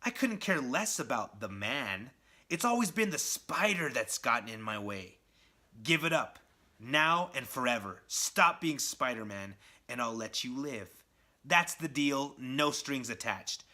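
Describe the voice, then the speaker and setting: A man's voice: medium pitch, lively intonation, a little slow, bright, forceful tone. A man voicing a sadistic male goblin villain who taunts and threatens his enemy while reading a comic aloud. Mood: menacing. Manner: taunting, theatrical, sneering.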